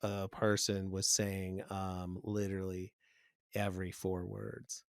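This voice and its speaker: A middle-aged man co-hosting a podcast in casual chat, telling relaxed anecdotes. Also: low voice, takes it slowly, smooth, no echo. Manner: easygoing, anecdotal, breaks into loud mock rants. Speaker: podcast co-host.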